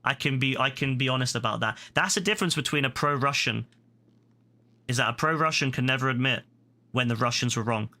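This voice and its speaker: A British man streaming a game rants heatedly at a viewer in chat, repetitive and full of profanity. His voice is medium-pitched and sharp, and he talks fairly quickly.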